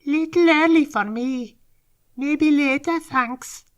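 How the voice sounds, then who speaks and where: Brownstone, a high soppy fox creature. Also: male voice, slow, a bit bright, exaggerated voice. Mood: polite.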